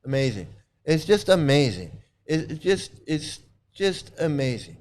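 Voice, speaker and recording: There's a sing-song, slightly mellow quality to this man's fairly high voice, and he's unhurried. Still, he's hosting a commentary video where he angrily and sarcastically mocks viewers, repeating himself and tripping over restarts.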